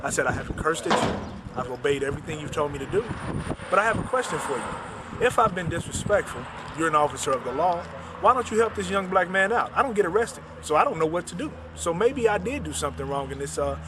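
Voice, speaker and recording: Fast-talking man telling his story outdoors. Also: on the high side, big pitch swings, background noise. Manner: retells dialogue in quick back-and-forth. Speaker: author. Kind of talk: recounting a personal story.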